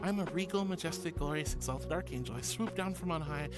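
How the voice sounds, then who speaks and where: A woman's voice: low voice, fast talker, music in the background. A woman streamer chatting casually and reading her chat aloud, playful and teasing, with mock protests. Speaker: VTuber streamer.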